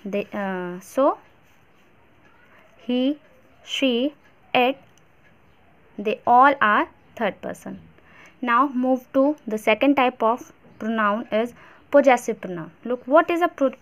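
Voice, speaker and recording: A woman with an Indian English accent teaching a grammar lesson step by step, pausing often and restarting her sentences. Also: on the high side, fairly bright tone. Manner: explains step by step, many fillers and restarts.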